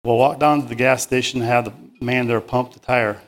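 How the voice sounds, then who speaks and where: A man's voice: mid-range voice, fairly even intonation, normal speed, soft background music, lightly acted. A man reading aloud as a stern father scolding his impatient son in a storybook tale, firm and clipped. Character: stern tired father of a boy.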